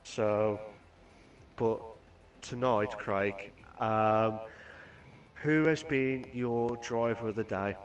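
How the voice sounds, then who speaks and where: A man's voice: on the low side, very slow, lo-fi sound. A man commentating a sim racing live stream, rambling and enthusiastic with frequent restarts.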